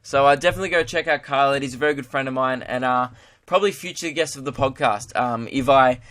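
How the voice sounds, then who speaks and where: A young Australian podcast host rambles through a casual comedic monologue, laughing at his own jokes. His medium-pitched voice is a bit bright and quick.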